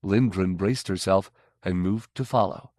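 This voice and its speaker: A man narrating a science fiction audiobook in a measured, even way. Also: sits low, no echo, clean studio sound. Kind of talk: scripted narration.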